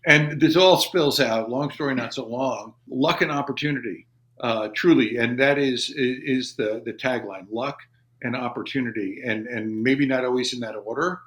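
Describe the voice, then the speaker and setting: A man in his fifties, an army veteran, guests on a podcast in a studio and spins long, rambling stories, acting out what people said to him. His medium-pitched, fairly bright voice moves at normal speed with few pauses.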